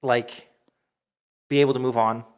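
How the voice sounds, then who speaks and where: Halting man on a casual podcast. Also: mid-range voice, steady tone, smooth. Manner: halting, restarts sentences often. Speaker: podcast host. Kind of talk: casual chat.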